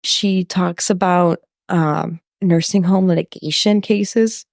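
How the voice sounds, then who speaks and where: Slow-talking woman guest from New York. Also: lowish voice, fairly even intonation, gravelly, darkish tone, dry recording, clean studio sound. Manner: slow, loose and talkative, with fillers. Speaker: podcast guest. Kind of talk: casual interview chat.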